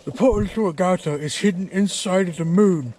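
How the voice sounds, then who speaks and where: A man's voice: high voice, moderate pace, voice pushed up. A man voicing a blustering, insulting male moonshiner who rants about conspiracies, with a put-on Scottish accent. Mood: ranting. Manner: insulting, loud and shouting.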